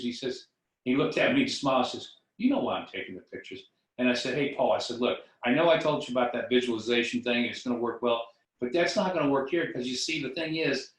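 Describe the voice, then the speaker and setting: A middle-aged man from the United States giving a motivational talk, telling a story and acting out both sides of the dialogue. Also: medium pitch. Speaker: motivational speaker. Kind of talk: storytelling talk on building wealth. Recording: echoey room from a distance.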